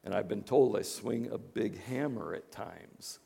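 Gravelly-voiced man preaching a sermon. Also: lowish voice, measured pace. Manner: conversational preaching, swings from hushed to emphatic. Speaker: pastor. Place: church in Chicago.

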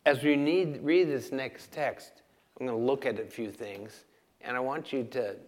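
A man preaching a sermon, asking the listeners questions and swinging from loud emphasis to hushed, quiet lines. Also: mid-range voice, unhurried. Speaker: pastor.

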